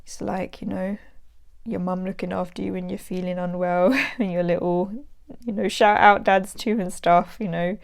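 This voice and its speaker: A woman's voice: fairly low pitch, fairly even intonation, normal speed, vocal fry. A young adult woman hosting a casual tarot vlog. She sounds nasal from hay fever and chats in a rambling way with lots of fillers. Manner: rambling, chatty, many fillers. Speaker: tarot channel host.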